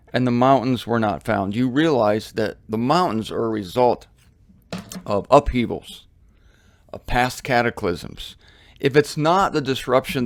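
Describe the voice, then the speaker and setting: An American man giving a casual, animated Bible study with humorous asides. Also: fairly low pitch, no room sound, clean studio sound. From United States. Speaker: Bible teacher. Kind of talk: conversational Bible study teaching. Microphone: studio mic with headphones.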